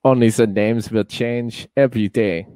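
A man's voice: medium pitch, steady tone, moderate pace, dark tone, no echo, natural voice. A man voicing a German-accented cowboy, singing lyrics in a comedy sketch. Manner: sings song lyrics in a put-on cowboy voice. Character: adult male German-accented cowboy singer.

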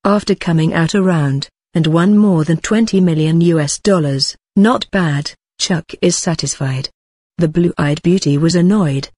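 A woman reading a novel aloud in an even, unhurried way with little expression. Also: lowish voice, breathy edge, no echo, studio quality. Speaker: narrator. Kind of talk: scripted narration of a translated web novel.

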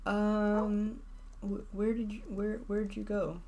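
A woman's voice: medium pitch, flat delivery, takes it slowly, dark tone, slight background noise. A woman giving casual gameplay commentary, rambling and leaning on lots of filler words. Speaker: gameplay video creator. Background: game music.

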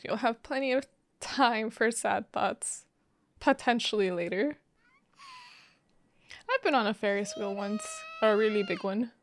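A woman's voice: mid-range voice, lively intonation, measured pace, pauses often, a little hiss or hum. A woman hosting an anime reaction video, chatting casually and reacting emotionally with frequent laughs and gasps.

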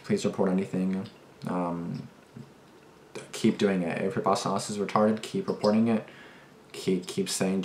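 Low-voiced fired-up young man. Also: little pitch movement, unhurried, long pauses, a little mellow, slight background noise. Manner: agitated, swears often, rambling restarts. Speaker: reaction video host. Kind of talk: casual reaction commentary. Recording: echoey room.

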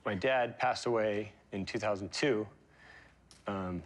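A man with a fairly low voice recalls his past as an interview guest. He talks in a halting, emotional way, stopping and restarting often with fillers. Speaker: interview guest, pro surfer. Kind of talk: reflective interview storytelling.

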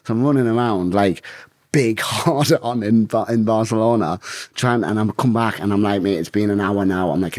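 Deep, husky man. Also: a little mellow, no room sound, studio quality. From England. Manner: blunt, swears a lot, rambling. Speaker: guest, bare-knuckle fighter. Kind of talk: casual storytelling.

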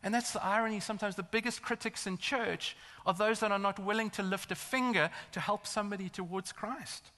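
A man's voice: high-pitched, fairly quick, hardly any pauses, bright, forceful tone. A man preaching a sermon in a church, emphatic and building to intense rhetorical questions. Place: large church hall. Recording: long church hall reverb.

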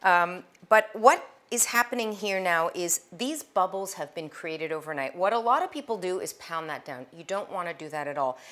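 Loud, lively woman hosting a cooking show. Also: fairly low pitch. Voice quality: loud, projecting voice. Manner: chatty and enthusiastic, talking to the viewer while working dough. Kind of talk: casual cooking demonstration.

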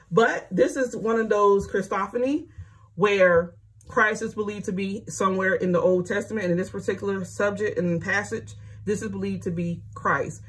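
Woman, husky voice, mid pitch, casual Bible reading, chatty asides. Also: fairly even intonation, moderate pace. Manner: chatty, conversational asides and fillers.

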